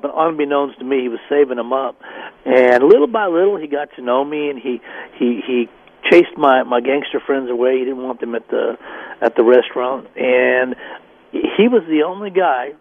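A man's voice: medium pitch, normal speed, no echo. A man from the Denver area, a guest telling his life story and acting out the people he quotes. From Denver area, Colorado. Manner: storytelling, acts out quoted voices. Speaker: guest, former gang member. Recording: tinny phone line.

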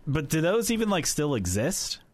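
A man co-hosting a podcast in casual chat, relaxed and chatty. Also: on the high side, normal speed, dry recording. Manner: relaxed, chatty, laughs often. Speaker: podcast co-host.

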